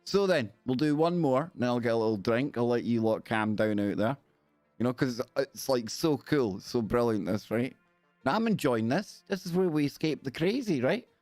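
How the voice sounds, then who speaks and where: A man's voice: mid-range voice, expressive, normal speed, darkish tone, no room sound, faint music behind. A man with a Scottish accent hosting a live stream, chatting casually in a rambling, jokey way and talking to his viewers. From Scotland.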